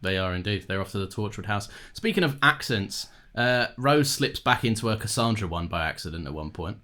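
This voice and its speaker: A man's voice: on the low side, animated, brisk, bright, forceful tone. Joking man swearing casually. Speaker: podcast co-host. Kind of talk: casual chat.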